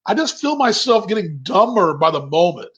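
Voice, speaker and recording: A man's voice: sits high, sing-song, normal speed, a bit bright. A man casually hosting a virtual happy hour from his kitchen, rambling and reading out viewers' comments. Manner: chatty, rambling, reads viewer comments aloud. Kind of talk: casual chat on a video call. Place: home kitchen. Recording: dull lo-fi video call audio.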